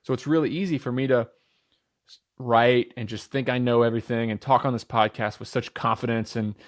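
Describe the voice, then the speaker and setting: A man's voice: mid-range voice, fairly even intonation, fairly quick. A man in his thirties, a podcast guest in casual conversation, who talks with energy and emphasis, often repeating phrases, restarting his sentences and swearing casually. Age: 30s.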